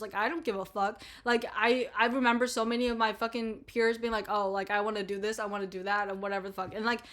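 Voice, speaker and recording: A woman's voice: on the high side, a bit bright. A young adult woman talking casually to camera, rambling and bluntly profane, full of "like" and "you know.". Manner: frequent "like" and "you know" fillers. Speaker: vlogger.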